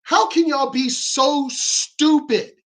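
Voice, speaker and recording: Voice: sits high, steady tone, slow, a bit bright. A vlogger ranting angrily about politics, swearing often and mocking opponents. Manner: profane, heated, sarcastic, mocks opponents in quoted voices. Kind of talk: angry ranting commentary.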